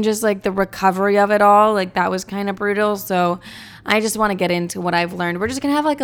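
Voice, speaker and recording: A woman's voice: medium pitch, smooth. A woman in her twenties hosting a podcast, chatting in a blunt, profane, rambling way. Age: 20s. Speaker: podcast host. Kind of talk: casual confessional chat.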